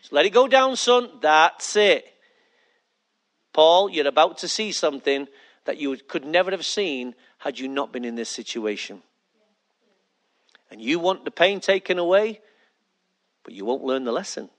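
A hushed, fatherly voice of God, as a male preacher puts it on, coaxing and low. It is softer and deeper than his preaching voice. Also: expressive, a little slow, pauses often.

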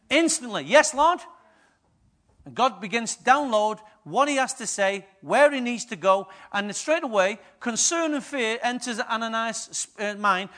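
A middle-aged man preaches a sermon as pastor, his voice sitting high. He tells stories in a lively way and swings from hushed asides to loud bursts.

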